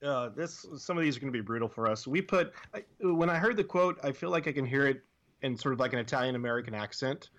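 A man's voice: medium pitch, lively intonation, fast talker, a bit bright. A man on a trivia team, explaining guesses in a self-deprecating way. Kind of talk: casual game chat.

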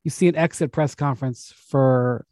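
A man hosting a sports podcast, telling stories in an animated way, laughing and acting out what other people said. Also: mid-range voice, normal speed, dry recording. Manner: animated storyteller who laughs and acts out quotes. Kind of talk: casual basketball chat.

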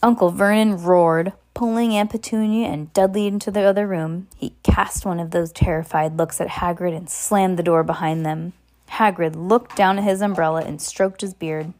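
A woman reading a children's book aloud and then chatting and teasing her child in an animated way for a podcast. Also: on the low side, moderate pace. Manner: animated and teasing, laughing often.

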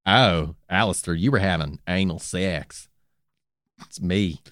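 A man's voice: low voice, slow, fairly bright tone, no room sound, clean studio sound, pitched below the performer's own voice. A man voicing a fussy, flustered male Greek messenger god in a cartoonish sitcom style.

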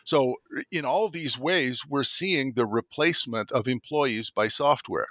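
Bright-voiced older man explaining emphatically. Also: medium pitch, measured pace, dry recording. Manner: thoughtful, emphatic, repeats words when starting. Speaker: author and professor, interview guest. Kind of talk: conversational interview.

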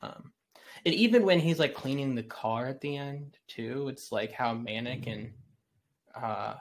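A man on a film podcast, chatting loosely. He stops and restarts often with many fillers, in an even mid-range voice. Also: mid-range voice, a little slow, slight background noise. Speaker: podcast host. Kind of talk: casual film chat.

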